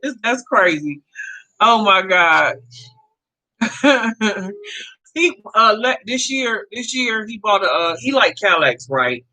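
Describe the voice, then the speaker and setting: A woman in her fifties telling a personal story to her viewers in a casual, animated way, laughing often. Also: mid-range voice, slow pace, long pauses, poor audio. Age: 50s. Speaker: vlogger.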